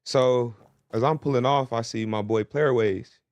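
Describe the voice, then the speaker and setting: A man, a rapper, telling a story in casual podcast chat, animated, with constant "you feel me" asides. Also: medium pitch, unhurried, no echo, lo-fi sound. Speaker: rapper guest.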